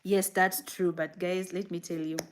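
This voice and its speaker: A new mother vlogging casually to her viewers, telling stories in an animated way and acting out what she said back then, with fillers and frequent laughs. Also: lowish voice, moderate pace, a little hiss or hum. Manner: animated storytelling, acting out her own past words. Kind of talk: casual chat answering viewer comments.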